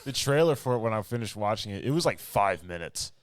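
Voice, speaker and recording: A man's voice: on the low side, lively intonation, fast talker, no room sound. A man co-hosting a podcast in casual chat, tossing in jokey, sarcastic quips. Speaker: podcast co-host.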